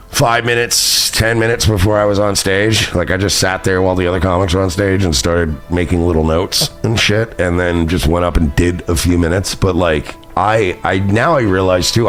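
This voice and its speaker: A man from New York hosting a podcast, telling a story in a rambling, profane, self-mocking way while intoxicated. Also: sits low. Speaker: podcast host. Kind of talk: casual storytelling chat.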